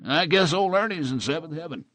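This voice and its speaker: A man's voice: animated, a little fast, fairly bright tone, no room sound. A man voicing a chatty small-town male bartender with a folksy, gossipy manner. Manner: folksy, gossipy, raised pitch.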